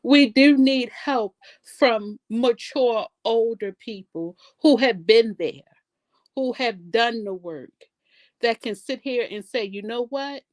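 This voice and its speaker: A woman's voice: on the high side, slow pace, darkish tone, dry recording. A young woman, a guest on a talk show, speaking emphatically and repeating her phrases. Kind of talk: casual panel talk.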